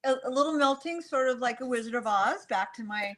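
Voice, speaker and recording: A woman co-hosting a podcast, reacting in animated, giggly casual chat. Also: high voice, quick pace. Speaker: podcast co-host.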